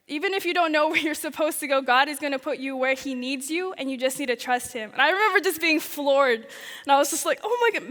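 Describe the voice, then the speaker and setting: A young woman tells her own story at a chapel service, animated and laughing often as she acts out her past thoughts. Her voice sits high and sounds bright. The sound rings with the long reverb of a big hall. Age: young adult. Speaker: student chapel speaker. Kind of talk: personal testimony talk. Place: large chapel.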